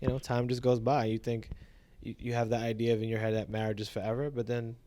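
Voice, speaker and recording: A man talks in an easy, unhurried way. He tells his story reflectively and fills his sentences with casual fillers. His pitch sits in an ordinary middle range. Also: level tone, mellow. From Brooklyn, New York. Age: 40s. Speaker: teacher, podcast guest. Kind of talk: casual conversational interview.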